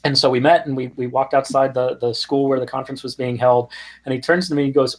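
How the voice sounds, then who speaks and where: A middle-aged man, a guest in an interview, telling anecdotes in an animated, conversational way. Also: medium pitch, quick pace. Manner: animated anecdotes with quoted voices and laughs. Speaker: guest, music startup founder. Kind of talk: conversational storytelling.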